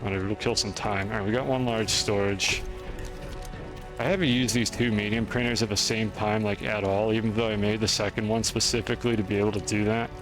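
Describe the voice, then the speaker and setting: A man's voice: on the low side, fairly even intonation, fairly quick, music in the background. A man streaming a game, chatting through his moves in a rambling, self-deprecating way. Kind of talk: gameplay commentary.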